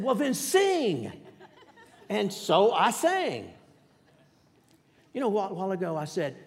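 A male pastor telling a personal story in a sermon, in a folksy, halting way with many restarts, and dropping to a hush for prayers. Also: on the high side, creaky. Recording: long hall reverb.

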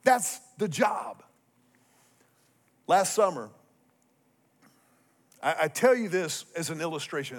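A middle-aged man preaching a sermon as a pastor, telling a story with humor and animated swings between loud and soft. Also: fairly high pitch, slow, long pauses.

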